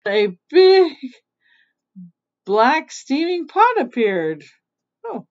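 A chatty woman reads a children's picture book aloud, breaking off now and then to explain things in a relaxed, informal way. Her voice sits a little on the high side. The recording is dull and lo-fi. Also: measured pace. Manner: chatty, stops to explain and laugh. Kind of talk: casual read-aloud storytelling.

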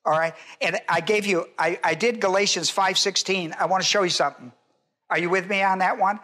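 A man's voice: sits high, fairly even intonation, brisk, bright, forceful tone. An older man, a pastor, teaching a Bible sermon in an emphatic, repetitive way and putting questions to his congregation.

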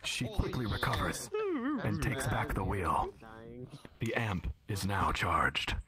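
A man narrating an interactive adventure show in a measured, announcing way. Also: fairly low pitch, animated. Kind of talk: live dramatic narration. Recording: crowd chatter behind.

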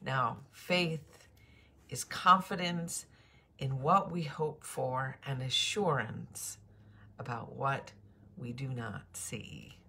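A woman's voice: extremely low pitch, slow pace, creaky, bright, forceful tone, breathy edge. A woman pastor giving a morning devotion, greeting listeners by name and preaching earnestly with emphatic repetition.

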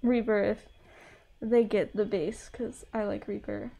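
A woman's voice: medium pitch, little pitch movement, a little slow, gravelly, dark tone. A woman streaming a game live, chatting bubbly to her chat and laughing often. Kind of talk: live gameplay commentary.

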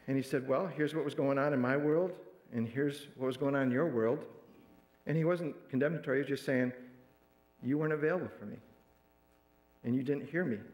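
A man's voice: medium pitch, a little mellow, roomy sound, rough recording. A man preaching a sermon, retelling a counseling story and acting out the lines of the people in it. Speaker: pastor. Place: church sanctuary.

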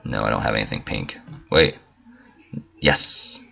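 Very deep gravelly man gaming. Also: expressive, a little fast, bright, forceful tone. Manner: swears freely, mock-indignant asides. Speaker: gamer. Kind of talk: casual let's-play commentary.

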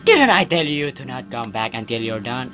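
A man's voice: medium pitch, big pitch swings, moderate pace, fairly bright tone, soft background music, pitched below the performer's own voice. A man voicing a busy mother who brushes off her child's worries with sugary scolding.

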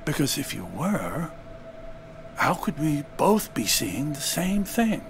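An actor playing a gentle, weary old grandfather who is losing his memories, speaking in a soft, comforting way in a video game. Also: on the high side, very animated, takes it slowly, vocal fry, background noise, exaggerated voice. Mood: earnest. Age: older. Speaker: grandfather character.

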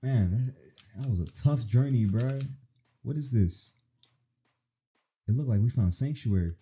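A young man gives profane, excited let's-play commentary, talking to the game as he plays. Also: mid-range voice, a little slow, slight background noise. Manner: profane, animated reactions, talks to the game. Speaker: gaming streamer.

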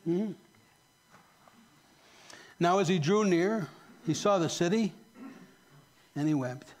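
A man preaching a sermon as pastor, impassioned, rising to emphatic questions and dropping to soft, quiet lines. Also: sits high, takes it slowly.

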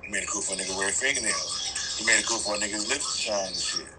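A man's voice: lowish voice, fast talker, heavy background noise. A middle-aged man talking on a radio show, swearing freely and laughing often as he tells stories. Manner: animated, profane, storytelling with frequent laughs. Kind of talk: casual radio chat.

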